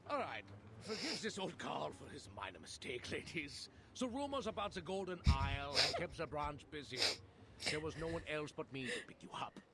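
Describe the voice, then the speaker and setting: A smug British city official. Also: male voice, on the high side, big pitch swings, normal speed, very noisy. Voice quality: lilting, self-satisfied, condescending. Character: smug, glib male city official, lazy and dismissive. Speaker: head of a city branch office. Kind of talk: game cutscene voice acting.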